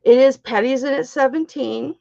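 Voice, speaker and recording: A woman's voice: high voice, moderate pace, gravelly, mellow, highs cut off. A middle-aged woman hosting a live-stream jewelry auction, chatty and bawdy, greeting viewers by name.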